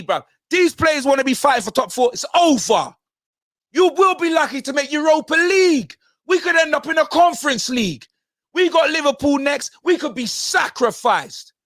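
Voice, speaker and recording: A man in a furious, shouting football rant, his voice high and lively. The flies fast and his delivery stays heated throughout. The sound is dry and close. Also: no room sound. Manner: ranting, shouting, heavy slang. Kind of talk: angry football fan rant.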